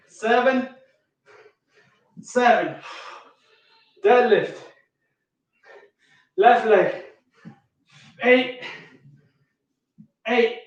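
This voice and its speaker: A man's voice: very high voice, fairly bright tone, highs cut off. A man coaching a workout, counting reps aloud and calling out each move while out of breath. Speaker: fitness coach. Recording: echoey room, far from mic.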